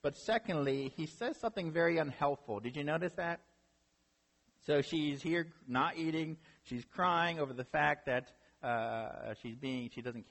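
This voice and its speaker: This sermon comes from a man whose voice sits fairly high with a fairly bright tone. As a pastor, he recounts a story in a chatty way, often asking the audience "right?" while long hall reverb lingers.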